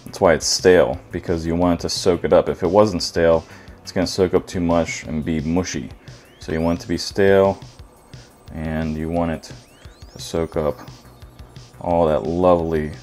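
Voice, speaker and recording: A man's voice: low voice, fairly even intonation, normal speed, pauses often, a little mellow, faint music behind. A man hosting a casual home cooking video, joking and irreverent as he walks through a recipe in his kitchen.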